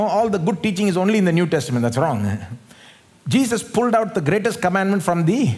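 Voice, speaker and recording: An Indian man with a fairly high voice preaches a sermon in church. He talks in an animated way, poses rhetorical questions and laughs often. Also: brisk. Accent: Indian English. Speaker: pastor.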